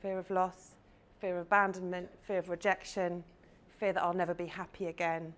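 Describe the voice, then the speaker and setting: A woman's voice: on the low side, little pitch movement, moderate pace. Chatty woman coaching a crowd. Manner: chatty and playful, jokes with the audience. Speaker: confidence coach. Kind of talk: live talk to an audience. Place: stage before a live audience.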